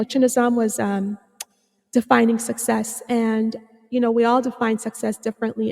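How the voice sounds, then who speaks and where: A woman hosting her own podcast as a psychotherapist, talking earnestly with many fillers and restarts, a little hoarse. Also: a little high, darkish tone, big-room sound. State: slightly hoarse, clearing her throat. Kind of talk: reflective solo podcast talk.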